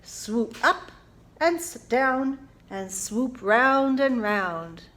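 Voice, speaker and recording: Woman children's librarian, high and slow, playful storytime reader who leads kids in actions. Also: expressive, a bit bright. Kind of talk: family storytime reading for young children.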